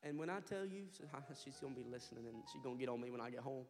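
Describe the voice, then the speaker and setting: A man's voice: mid-range voice, lively intonation, fast, long reverb tail, faint music behind. A man pastor preaching a sermon, telling a story with rising fervor and heavy repetition. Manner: impassioned storytelling preacher, building to loud fervor. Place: church sanctuary.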